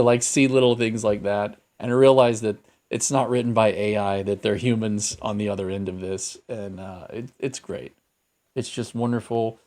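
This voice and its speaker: Male podcast co-host, lower register, casual and musing, restarts often. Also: steady tone, normal speed, darkish tone. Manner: thoughtful, rambling, frequent fillers and restarts.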